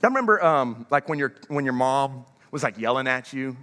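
A male pastor giving an energetic sermon in a large church, drawing the congregation to answer back. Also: medium pitch, brisk, in a large hall. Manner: energetic, calls for congregation response.

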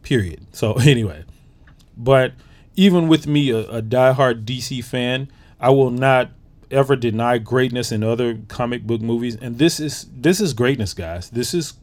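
A man's voice: medium pitch, darkish tone, no echo. A man hosting a podcast, giving a casual, enthusiastic movie review full of fillers and restarts. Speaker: podcast host.

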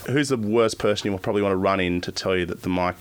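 An Australian man with a fairly low voice chats casually as a podcast co-host. He tells stories in a lively way, laughs easily and swears now and then. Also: rapid-fire, clean tone. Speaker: radio announcer and podcast co-host. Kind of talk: casual chat.

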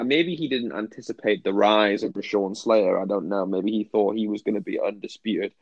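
British male podcast co-host, low voice, dry sound, animated, stumbling restarts. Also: gravelly, dry recording, muffled recording. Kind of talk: casual football chat.

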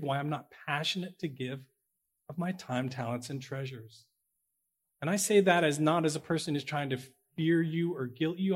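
A pastor preaching a sermon, slowing down to stress key words, with big swings in loudness, and correcting himself as he goes. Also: fairly high pitch. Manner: corrects himself out loud mid-sentence.

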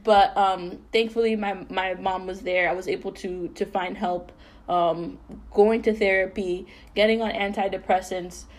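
A young woman co-hosting a podcast, telling a painful personal story in an earnest, halting way full of fillers and restarts. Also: mid-range voice, steady tone. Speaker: podcast co-host.

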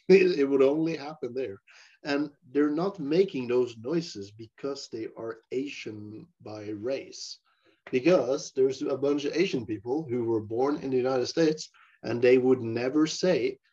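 A man co-hosting a podcast in casual chat, provocative and often clearing his throat. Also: mid-range voice, a little mellow. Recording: dull lo-fi recording.

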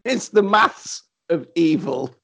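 Man with a high, animated voice. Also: slow, vocal fry. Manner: animated, acts out characters in quotes, laughs often, swears. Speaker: podcast co-host. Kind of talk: casual film recap chat.

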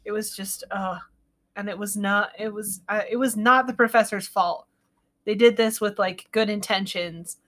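A woman's voice: mid-range voice, steady tone, normal speed, fairly bright tone. A young adult woman co-hosting a casual podcast in a mid-range voice. She is easygoing and reassuring, and she laughs a lot. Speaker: podcast co-host. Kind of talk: casual chat.

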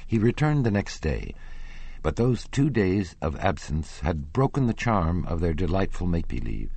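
A man reading a classic novel aloud as an audiobook narrator, measured and expressive, softening his voice for quoted lines. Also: deep voice, slightly rough, no room sound.

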